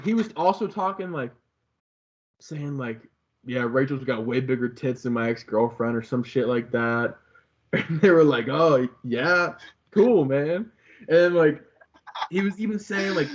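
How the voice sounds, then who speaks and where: Rambling young man retelling gossip. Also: medium pitch. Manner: rambling, profane, acts out quotes with voices. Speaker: podcast co-host. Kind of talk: casual chat recapping a reality show. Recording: slightly dull lo-fi podcast audio.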